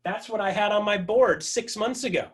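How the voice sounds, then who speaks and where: A man giving an energetic motivational talk to his team, telling a story with lots of repetition, speaking in an online video meeting. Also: sits high, moderate pace.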